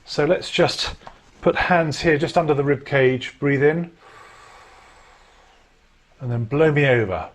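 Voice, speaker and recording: A man coaching singers through a vocal warm-up, giving clear instructions and demonstrating breaths and lip trills. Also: fairly high pitch, takes it slowly, pauses often, slight background noise. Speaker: choir director. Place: home during lockdown.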